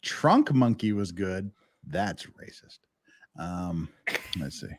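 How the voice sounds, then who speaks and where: A man's voice: deep voice, sing-song, slow pace, darkish tone, a little hiss or hum. A man from Utah hosting a casual live stream, often laughing and reading the chat aloud. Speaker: streamer host.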